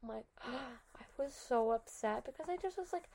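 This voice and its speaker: A young adult woman hosting a podcast, telling stories in a chatty, animated way full of "like" and "oh my God". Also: fairly high pitch, fairly quick, creaky. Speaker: podcast host. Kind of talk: casual storytelling.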